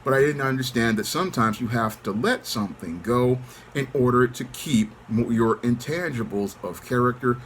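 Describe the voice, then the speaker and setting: A middle-aged man hosting his channel, speaking in a calm, controlled monologue. He keeps a measured tone and often repeats set phrases. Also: medium pitch, a little hiss or hum. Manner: calm, controlled, even-toned delivery. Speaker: channel host. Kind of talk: monologue to camera.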